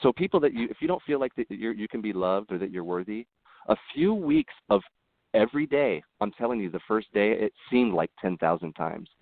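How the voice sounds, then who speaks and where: A man who is a podcast guest, talking earnestly in casual conversation and telling animated stories with frequent restarts. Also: on the low side, a little fast, vocal fry, dry recording. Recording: tinny phone-like line.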